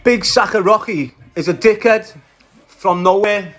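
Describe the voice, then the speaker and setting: A Scouse man talking into his phone on a livestream, voice pitched a little high and full of swagger. He swings between hard, profane trash talk and friendly greetings to viewers. Faint music plays behind him. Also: unhurried, fairly bright tone. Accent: Liverpool Scouse. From Liverpool, England. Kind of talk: casual livestream rant.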